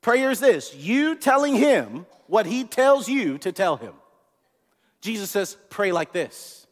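Man, preacher, high voice, animated sermon, long church reverb. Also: takes it slowly. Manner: animated preaching, repeats words, asks the congregation questions.

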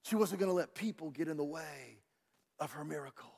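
A man preaching a sermon as pastor, swinging from quiet asides to loud, shouted climaxes. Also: fairly high pitch, brisk, gravelly. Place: church sanctuary. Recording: long church hall reverb.

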